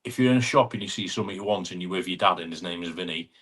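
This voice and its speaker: A man's voice: sits low, racing, a bit bright. A man hosting a casual live stream, greeting viewers by name and teasing them in friendly banter. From England (Chester).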